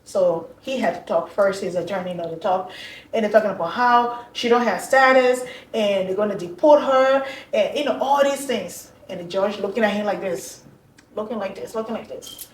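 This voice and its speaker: A woman telling a personal story as an interview guest, animated and acting out the voices she quotes. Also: mid-range voice, normal speed, slight background noise. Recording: echoey room, far from mic.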